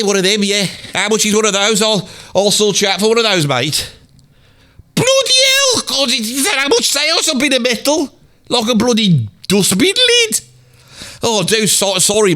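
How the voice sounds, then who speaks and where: A man's voice: sits high, sharp tone, heavily acted. A man playing a rambling Birmingham bloke who swears constantly, in a comedic monologue sketch, with a Birmingham accent. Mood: sheepish. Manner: rambling, peppers every line with "bloody". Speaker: comedy character talking about music.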